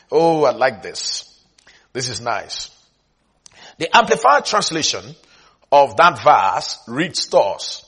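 Husky emphatic male preacher. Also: mid-range voice, sing-song, slow pace, pauses often, bright, forceful tone. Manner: emphatic, repeats key words, asks if listeners follow. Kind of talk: sermon.

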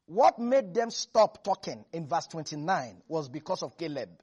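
A preacher gives an animated sermon, laughing often and acting out the quotes in the scripture. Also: mid-range voice, moderate pace, breathy edge.

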